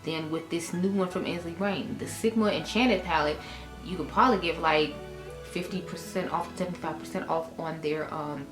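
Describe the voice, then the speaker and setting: A woman's voice: lowish voice, normal speed. Chatty woman vlogging makeup. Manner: chatty, rambling, addresses viewers as y'all. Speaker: beauty vlogger. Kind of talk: casual chatty makeup tutorial. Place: room at home. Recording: echoey room with music behind.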